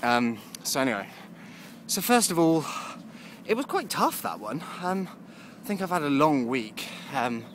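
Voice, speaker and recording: Vlogger, man, rambling and chatty, lively up-and-down delivery. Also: on the high side, unhurried, slight background noise. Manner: rambling, chatty, laughs often. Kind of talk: casual video diary.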